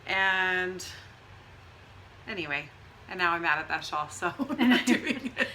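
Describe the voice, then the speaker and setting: A woman's voice: lowish voice, animated, a little slow, over a noisy crowd, rough recording. A middle-aged woman co-hosting a knitting podcast, chatting casually with rambling asides and frequent laughs. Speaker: podcast co-host.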